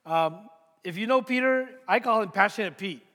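A high-pitched man delivers a sermon as a pastor, slowing and pausing to drive his points home and repeating them for weight. His voice rings out with a long reverb, as in a large church sanctuary. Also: lively intonation, sharp tone. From United States. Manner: deliberate, repeats key points with emphatic pauses.

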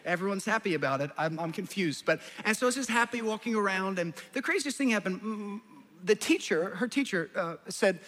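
A high-voiced, bright male pastor tells family stories in a sermon, acting out his kids and wife with sudden jumps in pitch. His voice rings out with a long reverb, as if filling a large church hall. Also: fast talker, husky. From New Jersey. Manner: animated storyteller, acts out family voices.

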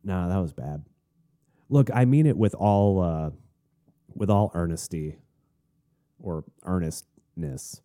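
A young man from Florida, hosting a podcast, tells a rambling, animated story in a casual rant with frequent restarts and asides. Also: low voice, slow pace, long pauses. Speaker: podcast host. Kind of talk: casual ranting monologue.

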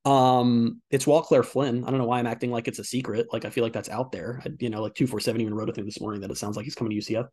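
Man, young adult, podcast co-host, rapid casual chat, filler-heavy. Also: medium pitch, steady tone, a little mellow, slightly rough. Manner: quick, chatty, lots of filler "like".

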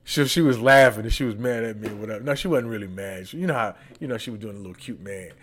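A man's voice: lowish voice, fast talker, a bit bright. Man with a slight braces lisp. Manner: loose, teasing, profane and candid. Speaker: podcast host. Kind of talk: casual storytelling monologue.

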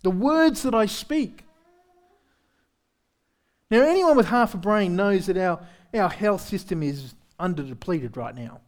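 High-voiced man preaching casually. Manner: conversational preaching with frequent rhetorical "right?"; candid, self-deprecating humor. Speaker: pastor. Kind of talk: sermon. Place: church service.

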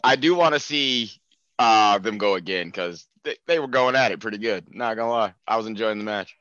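A man's voice: lowish voice, a little fast, fairly bright tone, dry recording. A man in a casual chat, laid-back and wry. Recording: dull lo-fi audio.

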